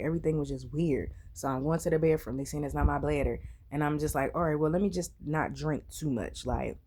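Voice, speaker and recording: Woman, very low voice, casual vlog storytelling, blunt, lots of swearing. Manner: blunt, heavy swearing, animated. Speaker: vlogger telling her own health story; mother.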